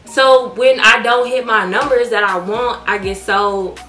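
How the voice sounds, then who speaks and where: A woman's voice: fairly high pitch, unhurried, roomy sound, soft background music. A young woman, chatting candidly and with lots of swearing while doing her makeup for a beauty vlog. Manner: candid, profane, animated. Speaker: beauty vlogger.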